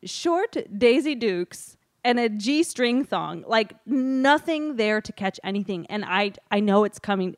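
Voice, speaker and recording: A woman's voice: mid-range voice, no room sound, clean studio sound. A woman casually telling a personal story, laughing often and acting out the dialogue. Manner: laughing often, animated retelling with quoted dialogue.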